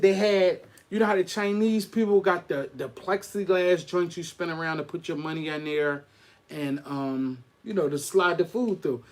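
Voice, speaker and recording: Animated man telling street stories. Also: high voice, a little hiss or hum. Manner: animated street-slang storytelling. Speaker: podcast host. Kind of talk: casual storytelling.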